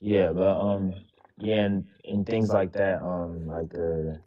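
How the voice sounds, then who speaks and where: A man's voice: deep voice, flat delivery, slow pace. A nineteen-year-old man calling in, answering hesitantly with many fillers. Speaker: caller. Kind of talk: casual call-in chat. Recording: dull lo-fi line with faint music.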